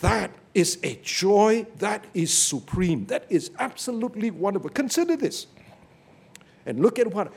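This preacher has a high voice with vocal fry and a slightly rough edge, and he moves at a measured pace. He works through a Bible passage with lively stories, frequently asking "okay?" and adding "you see."

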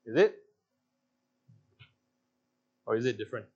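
A man's voice: medium pitch, very animated, rapid-fire, mellow, husky, lo-fi sound. A man with a Singaporean English accent leading a Bible class, playfully coaxing answers from the group and laughing often. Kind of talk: interactive Bible teaching.

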